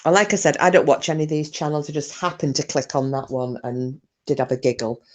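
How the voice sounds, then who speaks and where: A woman's voice: sits low, fairly even intonation, quick pace. A woman hosts a casual livestream, reading comments aloud in a chatty, sweary way. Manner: chatty, sweary, laughs easily. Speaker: livestream host.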